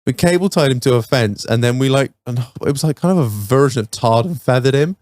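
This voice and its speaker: Lively, swearing man. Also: medium pitch, fairly quick, a little hiss or hum. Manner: swearing, laughing storyteller. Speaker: podcast co-host. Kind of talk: casual chat.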